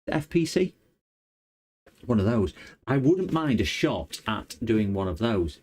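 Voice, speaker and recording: Man, repair livestream host, slightly low mellow voice, rambling, halting delivery. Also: sing-song, a little hiss or hum. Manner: rambling, hesitant, many fillers and restarts. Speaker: electronics repair streamer. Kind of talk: casual livestream chat.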